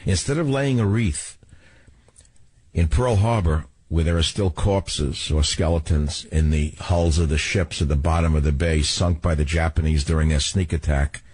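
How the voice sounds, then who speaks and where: A man's voice: extremely low pitch, moderate pace, darkish tone, husky, no room sound. A man hosting a talk radio show, delivering a combative, ranting monologue full of rhetorical questions.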